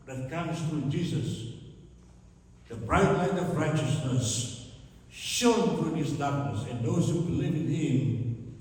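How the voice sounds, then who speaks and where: A man preaching a sermon, reading scripture slowly and deliberately and stopping to explain it. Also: fairly high pitch, a little mellow. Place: church sanctuary. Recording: echoey church hall from far off.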